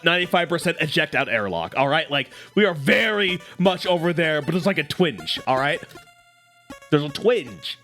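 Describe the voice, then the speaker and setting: A male streamer reading a visual novel aloud and joking between the lines in an animated, playful way. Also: fairly high pitch, normal speed, soft background music. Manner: animated, joking, breaks into laughs.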